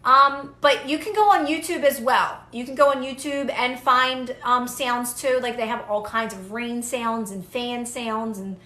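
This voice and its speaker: A woman's voice: on the high side, measured pace, hardly any pauses, pushed and bright, reverberant. A young woman giving casual, earnest manifestation advice to viewers on a live stream, repeating phrases for emphasis.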